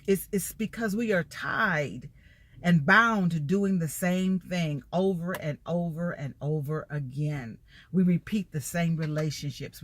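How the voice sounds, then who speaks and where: A middle-aged woman, a life coach, giving an emphatic motivational talk in a repetitive preaching cadence. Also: lowish voice. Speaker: life coach and empowerment speaker.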